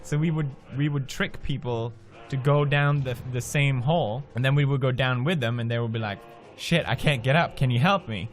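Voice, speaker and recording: Swedish vlogger in his twenties, loud, swearing, jumps into acted voices; faint music bed. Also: medium pitch, moderate pace. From Sweden. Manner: profane, animated, laughs often, acts out quoted reactions. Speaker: video blogger. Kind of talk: casual storytelling monologue.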